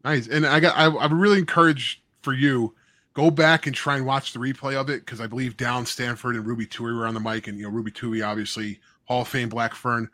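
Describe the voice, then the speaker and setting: A man's voice: mid-range voice, steady tone, brisk, sharp tone, no echo. A man co-hosting a casual podcast, rambling with many restarts. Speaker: podcast co-host.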